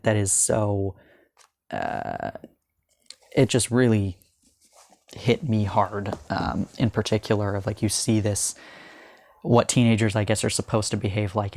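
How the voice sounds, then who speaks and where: A young man talking through his thoughts on a manga in a casual review, earnest and halting, with many ums and restarts, slowing and softening at the emotional parts. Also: fairly low pitch, dry recording, studio quality. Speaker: manga discussion vlogger.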